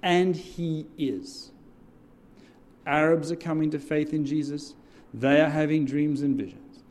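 At normal speed and with a slightly high voice, a man serving as a church deacon animatedly tells a sermon story, drawing answers from the people listening.

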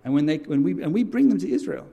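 A man's voice: a little high, fast talker, gravelly, lo-fi sound. A man who serves as a church deacon, telling a story in a sermon and drawing answers from his listeners. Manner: animated, call-and-response with audience.

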